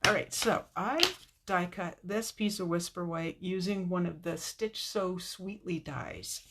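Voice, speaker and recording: A woman's voice: on the low side, a little slow, very noisy. A woman hosting a casual live card-making tutorial, chatting to viewers by name and laughing often.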